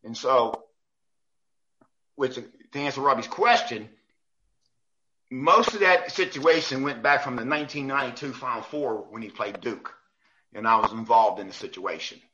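A man, a basketball referee and guest, telling animated anecdotes in a casual chat, acting out quoted lines and restarting often. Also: medium pitch, normal speed, long pauses, muffled recording, noisy background. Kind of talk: animated storytelling in a podcast chat.

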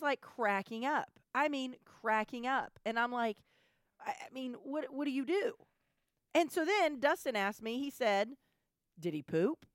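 A woman telling a family story in casual chat, animated, with stammering restarts. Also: high voice, no echo, clean studio sound. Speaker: podcast co-host, mother.

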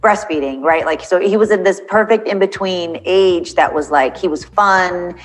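Woman, middle-aged, low-pitched, animated, casual interview chat, lively quoted asides. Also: normal speed, rough recording. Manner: animated, acts out quotes, laughs often. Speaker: actress interviewed as guest.

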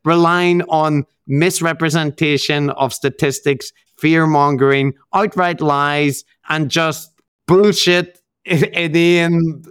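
A man's voice: on the high side, steady tone, slow, a bit bright, clean tone, no room sound, clean studio sound. A man with an Irish accent, co-hosting a podcast in casual, sardonic banter and laughing often. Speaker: podcast co-host.

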